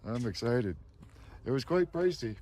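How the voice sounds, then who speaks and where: A man hosting a casual live stream at home, coaxing his pets in a high sing-song voice and dropping in Spanish words. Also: expressive, measured pace, darkish tone, a little hiss or hum. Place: home kitchen.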